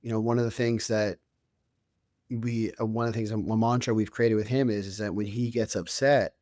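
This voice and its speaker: Chatty dad telling a story. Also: male voice, lowish voice, level tone, moderate pace, a little mellow, no echo, clean studio sound. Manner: conversational, many restarts and fillers. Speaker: guest, author and youth coach. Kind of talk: casual interview storytelling.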